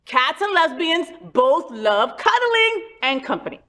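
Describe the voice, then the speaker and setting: A woman hosting a talk show, talking in a casual, animated and playful way with lots of emphasis. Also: high-pitched, a little slow. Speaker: host.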